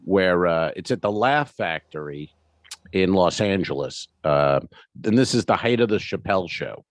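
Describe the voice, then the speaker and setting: Male comedy podcast co-host, low voice, very lively delivery, dry close sound. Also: moderate pace, dry recording. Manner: animated storyteller, acts out quotes. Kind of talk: casual comedy podcast chat.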